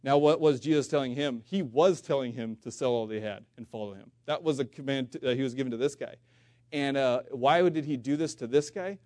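A man preaching a sermon in an earnest, conversational way, asking rhetorical questions, with frequent restarts and louder scripture readings. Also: mid-range voice, no echo. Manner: reads scripture aloud in King James wording, louder and slower.

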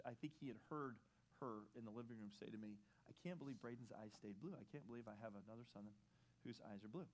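A middle-aged man preaching a sermon as pastor, talking casually about his family and then building to emphatic points while leading the congregation in reading scripture aloud. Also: medium pitch. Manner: conversational preaching, rising to emphatic stress, leads congregation in reading.

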